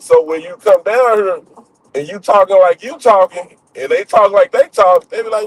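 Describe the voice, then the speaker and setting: A man's voice: high voice, moderate pace, poor audio. A young man, chatting and joking loosely, full of slang and fillers. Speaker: streamer. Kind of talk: casual storytelling chat.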